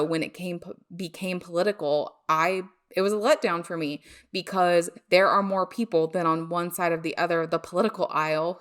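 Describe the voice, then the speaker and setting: A woman hosting a solo podcast, talking in a candid, chatty way and laughing at herself now and then. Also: on the low side. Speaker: podcast host.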